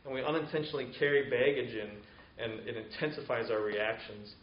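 A man gives an earnest, conversational sermon at an even middle pitch, running through long spoken lists. The sound is roomy with a strong echo, and the recording is a little dull and muffled. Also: fairly quick. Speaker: pastor. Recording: echoey, slightly dull room recording.

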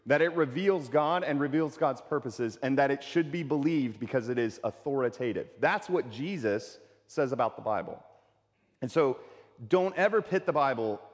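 A pastor preaching a sermon in a conversational way, repeating key phrases for emphasis. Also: male voice, mid-range voice, big-room sound.

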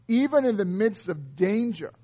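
A man with a notably high voice delivers an earnest sermon. He walks through a scripture passage verse by verse and explains each part carefully, as a pastor does. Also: big pitch swings, normal speed, dark tone. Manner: earnest expository preaching.

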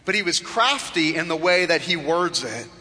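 A man preaching a sermon in a church. He acts out the tempter's mocking voice in low, hushed tones. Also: lively intonation, moderate pace, soft background music. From South Florida. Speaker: pastor. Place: church sanctuary. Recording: reverberant church hall.

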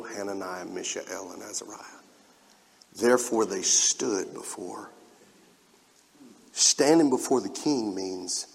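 A man's voice: fairly low pitch, husky. A man preaching a sermon to his congregation, emphatic and calling out to the room as he reads scripture. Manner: emphatic, rising and falling in loudness, with spoken asides to the congregation. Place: church sanctuary. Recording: preached in a large hall with long reverb.

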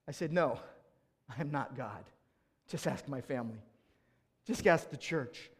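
A male pastor preaching a sermon in an emphatic way, telling stories with acted-out exchanges and swinging between loud urging and quiet, low passages. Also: fairly quick.

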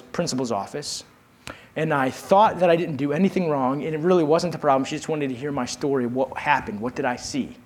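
A man delivers a sermon, sharing a personal story and urging the congregation to respond. His voice moves between soft, low passages and raised, emphatic ones.

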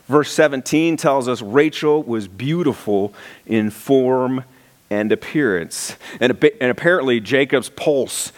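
A male pastor preaching a sermon, telling the story with animation and reading scripture aloud. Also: medium pitch.

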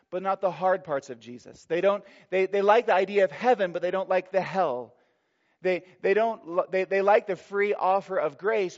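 A male pastor delivering a sermon in a slightly high-pitched voice. He preaches emphatically, leaning on key words and slowing down for scripture. The recording sounds dull and lo-fi.

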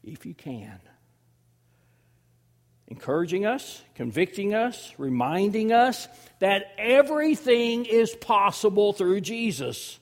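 A man in his fifties preaching a sermon as pastor, swinging between loud emphasis and hushed, near-whispered lines. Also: high-pitched, big pitch swings, measured pace, few pauses. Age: 50s.

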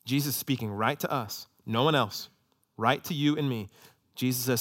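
A man preaching a sermon, impassioned, swinging from loud emphatic peaks to low hushed asides. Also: normal speed. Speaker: pastor.

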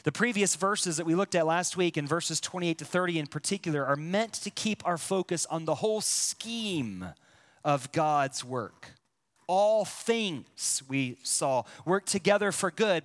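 A man preaching a sermon, speaking to his listeners directly and leaning on emphatic pauses. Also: sits high, animated. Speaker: pastor.

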